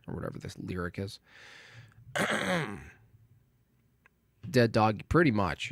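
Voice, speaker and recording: A man's voice: low-pitched, creaky, no echo. A Canadian man hosting a livestream, chatting casually and joking with his viewers while he fixes his stream setup. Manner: rambling, joking, talking to chat while fixing his stream. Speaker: livestream host.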